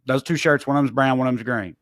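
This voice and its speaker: A man, co-hosting a podcast and telling a long story in animated, profane casual chat. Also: mid-range voice, quick pace, no echo, clean studio sound. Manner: animated, profane, acts out quoted voices. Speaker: podcast co-host.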